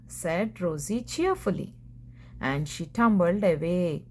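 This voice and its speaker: A woman reading a picture book aloud for children in a gentle, deliberate way. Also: mid-range voice, lively intonation. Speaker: children's story reader. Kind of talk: storybook read-aloud for kids.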